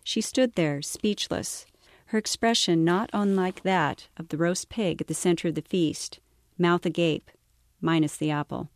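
A woman author reading her novel aloud in a measured, wry manner. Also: fairly low pitch, dry recording, clean studio sound.

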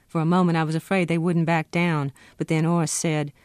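A woman author reading from her own novel in a steady, expressive first-person narration. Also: low voice, moderate pace, hardly any pauses, no echo, clean studio sound.

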